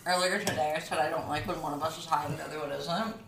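A woman's voice: low-pitched, fairly even intonation, fast, gravelly. A young adult woman co-hosting a podcast, chatting in a playful, sarcastic way. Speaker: podcast co-host. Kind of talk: casual chat. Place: in a car, then a home kitchen. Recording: roomy, with loud background noise.

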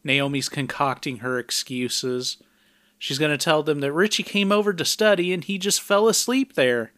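A man with a somewhat higher voice talks through a film's plot in a relaxed podcast recap. His delivery is plain and conversational, with dry little asides. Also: normal speed, no echo. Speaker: podcast co-host recapping a film. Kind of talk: casual recap narration.

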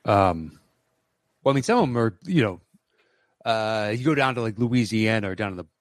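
A man's voice: fairly low pitch, lively intonation, moderate pace, no room sound. A man co-hosting a podcast, teasing and dry in casual chat. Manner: dry, teasing, reads listener mail aloud. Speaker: podcast co-host.

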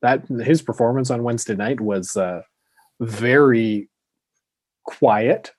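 Guy chatting hockey on a podcast, mid pitch, lots of ums, dry sound. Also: takes it slowly, a little mellow, no echo. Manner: rambling, lots of fillers and restarts. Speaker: podcast co-host. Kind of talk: casual hockey chat.

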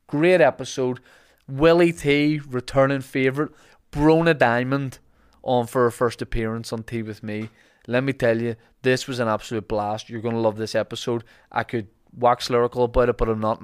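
Man, podcast host, teasing, mid-pitched. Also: clean tone. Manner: upbeat, teasing, quick to laugh. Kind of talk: casual podcast chat.

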